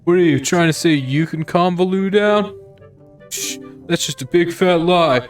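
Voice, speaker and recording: A man's voice: a little high, measured pace, lightly acted. Man voicing a petulant bird prince, sulky and scornful, raised voice, faint music behind.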